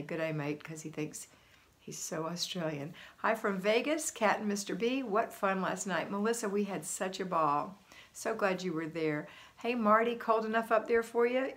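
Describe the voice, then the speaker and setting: A middle-aged woman hosting a homemaking livestream, chatting upbeat and greeting viewers by name as she reads their comments aloud. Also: mid-range voice. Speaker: homemaking channel host. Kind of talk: casual livestream chat reading viewer comments.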